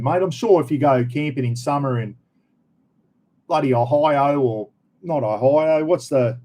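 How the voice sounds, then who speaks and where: A man's voice: fairly high pitch, mellow. A middle-aged Australian man chatting casually on a live stream, answering viewers' questions in a rambling, blokey way. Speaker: channel host answering live chat.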